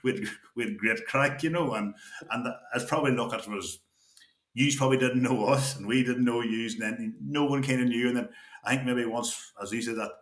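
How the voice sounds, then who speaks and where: A man's voice: medium pitch, a bit bright. Laughing man, echoey room. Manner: halting, frequent restarts, laughs while telling stories. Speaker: podcast guest, former player. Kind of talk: casual storytelling chat.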